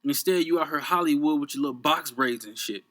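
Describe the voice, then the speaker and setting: Young male podcast host from Chicago, slightly high voice, heated and cursing, unscripted rant. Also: fairly quick, a bit bright. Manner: profane, heated, repeats himself.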